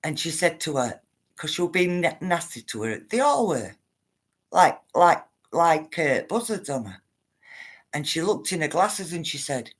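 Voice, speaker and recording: Her voice sits low and husky, swinging widely in pitch at an unhurried pace. On her casual livestream she rambles chattily to viewers, reading out their comments and calling them "guys" and "love."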